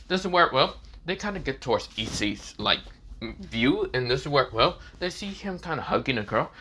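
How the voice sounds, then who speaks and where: A man casually retelling a fan story, halting, with many fillers and self-corrections. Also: medium pitch, pushed and bright. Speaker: narrator.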